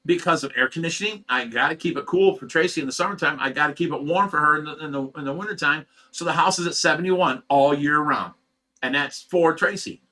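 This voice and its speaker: Talking fast in a slightly high, bright, forceful voice, this middle-aged Ohio man, who runs a fish rescue, rants casually at home. He is agitated and keeps tripping over repeated words.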